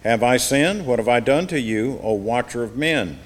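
A man's voice: medium pitch, animated, normal speed. A man leads an evening Bible class in an ordinary mid-range voice. He reads scripture aloud with growing emphasis, then explains it in plain teaching talk. His voice rings with a long reverb, as if recorded in a large hall.

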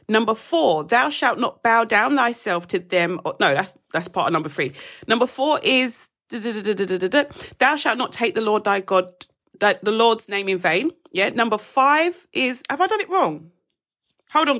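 A woman hosting a live daily devotional, teaching scripture in a chatty way, calling her viewers guys, rushing and correcting herself as she goes. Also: medium pitch, sharp tone. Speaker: devotional host. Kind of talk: livestream Bible teaching. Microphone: phone or webcam on a live stream.

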